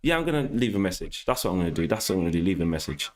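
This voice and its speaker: A man's voice: sits low, big pitch swings, rapid-fire. A young man hosting a casual livestream, reading viewer comments aloud and bantering with mock exasperation. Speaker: livestream host.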